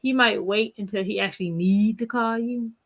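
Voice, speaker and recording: A woman's voice: medium pitch, fairly even intonation, moderate pace. Woman, mid-range voice, playful, teasing, podcast co-host. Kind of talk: casual chat.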